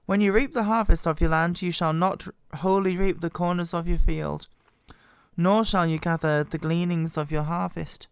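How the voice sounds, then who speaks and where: Woman, hoarse with a cold, halting and quiet, smooth tone under the strain. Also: steady tone, dry recording. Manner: quiet, halting, voice wobbling in pitch. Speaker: Bible reader. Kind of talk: slow scripture reading. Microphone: very close to the microphone.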